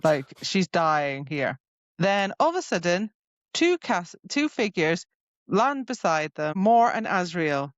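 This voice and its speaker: A woman's voice: fairly low pitch, very animated, takes it slowly, no echo. A woman co-hosting a book podcast, talking in a quizzical way and firing off repeated questions, on a dull lo-fi recording. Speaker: podcast co-host. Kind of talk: casual book-discussion chat. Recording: dull lo-fi sound.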